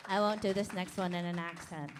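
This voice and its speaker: A woman's voice: fairly low pitch, fairly even intonation, a little fast, music in the background, crowd noise. A woman hosting a live event from the stage, playful and theatrical, introducing books and performers.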